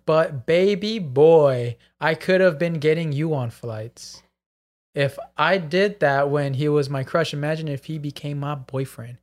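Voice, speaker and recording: A man co-hosting a podcast with a fairly high voice, talking in blunt, joking, profane bursts. He reads out listener messages in the same loose, casual way he chats. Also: unhurried. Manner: joking, blunt, swears freely. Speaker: podcast co-host.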